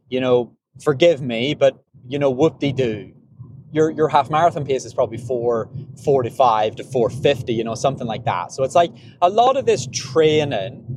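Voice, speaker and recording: A man's voice: medium pitch, a little mellow, slight background noise. Rambling man talking about training. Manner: rambling, repeats words, frequent restarts. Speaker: podcast host, runner. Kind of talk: casual monologue.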